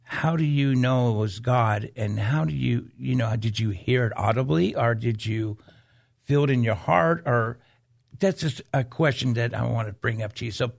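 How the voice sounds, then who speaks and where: A man's voice: medium pitch, moderate pace, creaky. A man co-hosting a Christian talk show, chatting casually and preaching to viewers, with many restarts and "you know"s.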